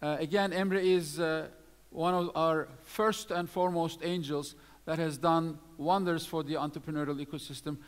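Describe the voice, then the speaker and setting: A man's voice: a little high, fairly even intonation, moderate pace, clean tone. A man presenting awards at a live event, reading out lists of names with many fillers. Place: event hall. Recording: long hall reverb.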